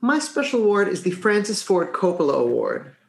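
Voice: mid-range voice, sing-song, brisk, creaky. A podcast co-host in casual chat, gushing with enthusiasm and repeating words. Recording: echoey room.

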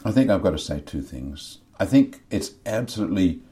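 His low, mellow voice has a sing-song lilt and moves fairly quickly. He's a middle-aged podcast guest confessing earnestly about faith and his inner world, repeating words as he hunts for what to say.

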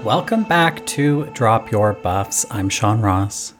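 A man hosting a casual chat podcast, speaking in a measured, explanatory way. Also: on the low side, lively intonation, music in the background. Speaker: podcast host.

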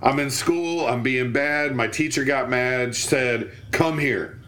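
A man's voice: medium pitch, measured pace. A man telling a stand-up style story from his school days, acting out the voices of the people in it. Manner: animated, acts out quoted voices. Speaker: podcast co-host.

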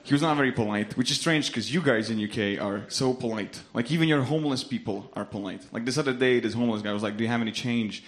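A man's voice: medium pitch, quick pace, few pauses. Lithuanian-accented man doing stand-up. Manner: deadpan delivery, laughing at his own punchlines. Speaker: stand-up comedian. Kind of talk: stand-up comedy set. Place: comedy club stage.

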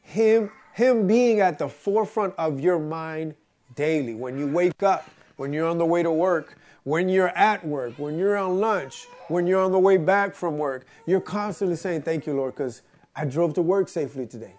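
A man's voice: sits high, measured pace, darkish tone. A man preaching a conversational sermon, earnest and storytelling, repeating phrases for emphasis.

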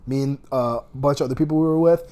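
A young man casually telling a long, rambling, profane story about a rough night. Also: mid-range voice, racing, dark tone. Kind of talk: casual chat.

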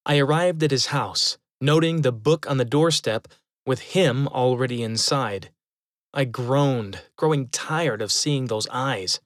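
A man telling a first-person eerie story in a measured, steady way, slowing down at tense moments. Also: medium pitch, no echo, studio quality.

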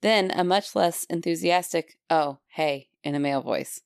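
A woman co-hosting a casual podcast, chatting and reading listener stories aloud with dramatic pauses. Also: on the low side, gravelly, dry recording, studio quality. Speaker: podcast co-host.

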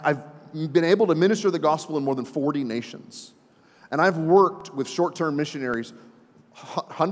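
A man in his forties, a pastor preaching a sermon, telling stories with chatty asides to the congregation. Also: a little high. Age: 40s. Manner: animated storyteller, folksy asides to the congregation. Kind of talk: sermon with storytelling. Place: church sanctuary. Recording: reverberant church hall.

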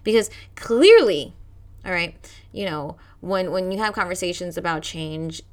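A woman's voice: on the low side, lively intonation, a little slow, a little mellow. A young adult woman hosting a self-help podcast, speaking emphatically and repeating phrases for stress. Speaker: podcast host. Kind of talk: motivational self-help talk.

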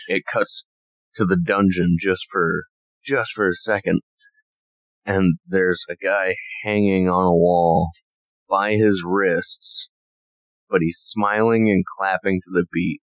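A man co-hosting a podcast, explaining things in a casual, halting way with many fillers. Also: deep voice, dry recording, poor audio. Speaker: podcast co-host. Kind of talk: casual chat.

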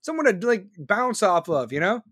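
A man's voice: high voice, sing-song, moderate pace, fairly bright tone, husky, dry recording, clean studio sound. A man in his forties hosting a podcast, ranting bluntly and profanely about politics. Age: 40s. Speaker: podcast host. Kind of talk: casual political rant.

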